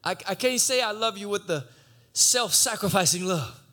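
A man preaching a sermon, swinging from shouted exhortation to low conversational teaching. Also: expressive, normal speed.

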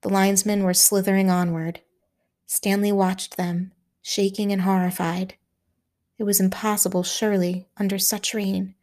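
A woman reading a wartime novel aloud, her delivery measured and dramatic. Her voice sits in an ordinary middle range for a woman, steady and clear as she tells the story. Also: medium pitch. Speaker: audiobook narrator. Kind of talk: scripted narration.

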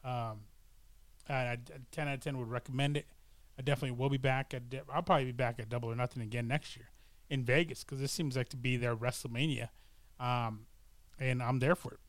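A man's voice: medium pitch, steady tone, a little fast, no room sound. A middle-aged man chatting casually to camera, rambling and hesitant, with many fillers and restarts. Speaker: vlogger. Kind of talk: casual chat.

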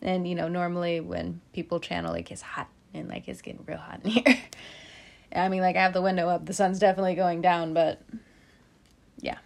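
A woman giving a casual tarot reading to her viewers. She is gentle and tearful, often laughs and breaks off mid-sentence. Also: fairly low pitch, flat delivery, brisk, vocal fry. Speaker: tarot reader.

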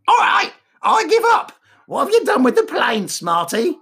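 A man's voice: very high voice, wildly swooping pitch, normal speed, sharp tone, voice pushed up, heavily acted. A man voicing a smug talking parrot with a squawky, repetitive delivery.

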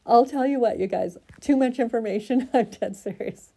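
Tired woman from Oregon, chatty vlog storyteller, keeps cracking up, mellow dark tone. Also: on the high side, moderate pace, slightly rough. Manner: laughing often, rambling and self-mocking. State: tired and stressed. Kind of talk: casual storytelling to viewers.

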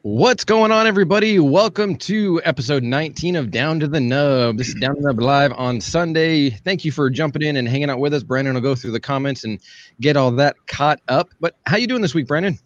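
Brief: relaxed male host, mid-pitched, slightly muffled lo-fi mic, dry close sound. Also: brisk, no echo. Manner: easygoing, upbeat, runs the show. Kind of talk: casual live-stream chat.

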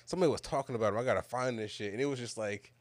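A man's voice: medium pitch, very fast, no echo. A man, co-hosting a casual chat and telling rambling stories with lots of laughter. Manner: laughing, rambling, loose storytelling. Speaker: podcast co-host.

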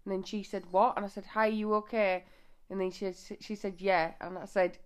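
Woman on a couple podcast, mid-pitched voice, rambles and giggles, a bit self-conscious. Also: fairly even intonation, normal speed, clean tone. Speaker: podcast co-host. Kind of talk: casual couple chat.

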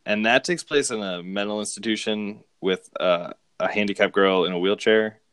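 Casting: low-voiced man, easygoing co-host, dry close sound. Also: moderate pace, fairly bright tone, clean tone, no echo. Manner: rambling, amused, with frequent restarts and laughs. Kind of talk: casual chat recapping movies.

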